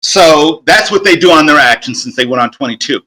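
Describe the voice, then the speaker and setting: Bright-voiced man running a tabletop game. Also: fairly high pitch, expressive. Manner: halting, many fillers and restarts. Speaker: game master.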